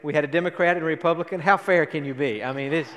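A man's voice: a little high, fast, background noise. A man preaching a sermon and reading scripture aloud to a congregation in a church sanctuary. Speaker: pastor. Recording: long hall reverb.

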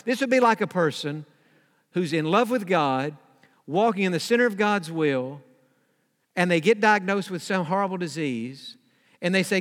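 A man's voice: a little high, normal speed, fairly bright tone, big-room sound. A man preaching a sermon, reading scripture aloud and explaining it, sometimes acting out pleading prayers to God. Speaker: pastor.

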